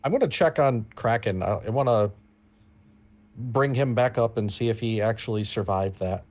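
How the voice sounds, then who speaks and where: A man playing a tabletop game, speaking slowly and hesitantly and restarting his words. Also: on the low side, darkish tone, muffled recording. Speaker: player.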